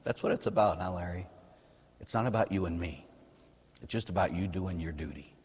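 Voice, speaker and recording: Wry fatherly God, put on by a man, low and husky with a long echo. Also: fairly quick. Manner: dry, gently teasing.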